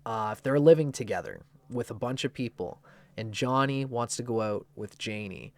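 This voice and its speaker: Animated guy explaining astrology off the cuff, keeps restarting, middle pitch, dry close sound. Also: normal speed, dry recording. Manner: animated, restarts often, swears. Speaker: astrologer presenting a video. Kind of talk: unscripted explanatory talk.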